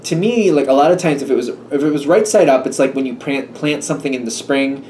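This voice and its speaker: A man's voice: mid-range voice, fairly quick, darkish tone. Guy doing a chill tarot reading, kinda hesitant, lots of ums and restarts, faint background hum. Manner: musing, hesitant, full of fillers and restarts. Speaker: tarot reader. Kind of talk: casual tarot reading monologue. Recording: slightly distant mic with faint room noise.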